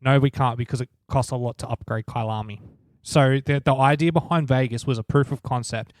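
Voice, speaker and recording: A man's voice: mid-range voice, steady tone, brisk, a little mellow, dry recording, clean studio sound. A man co-hosting a casual motorsport podcast, blunt and opinionated, swearing as he argues. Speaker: podcast co-host. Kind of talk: casual sports chat.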